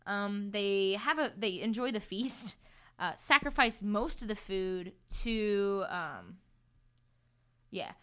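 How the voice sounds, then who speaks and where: A woman's voice: mid-range voice, animated, slow pace, fairly bright tone, clear, resonant tone. A young woman co-hosting a casual book podcast, retelling the plot and putting on silly voices for the characters. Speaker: podcast co-host.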